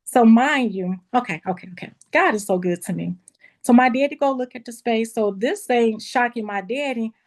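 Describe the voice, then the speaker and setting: A woman who owns a beauty school tells a personal story in a lively, casual way, talking straight to her listeners and acting out what people said. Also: a little high. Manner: lively, acts out quoted dialogue in a raised voice; casual, addresses listeners as y'all.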